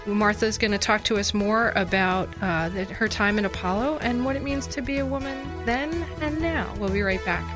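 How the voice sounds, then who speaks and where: A woman from the northern United States hosting an interview talk show, warm in her praise and enthusiastic as she asks questions. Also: mid-range voice, normal speed, few pauses, music in the background.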